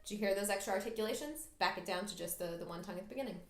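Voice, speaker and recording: A woman's voice: medium pitch, very fast, reverberant, over loud music. A woman teaching a flute lesson, patiently coaching the listener through practice steps. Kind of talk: instructional music lesson.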